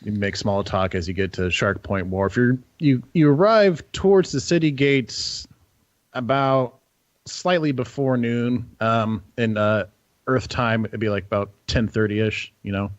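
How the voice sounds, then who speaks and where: A man's voice: medium pitch, measured pace, no echo. Young male game master running a tabletop game; rambly, filler-heavy delivery; dull, dry lo-fi recording. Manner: relaxed, rambling, many fillers and restarts.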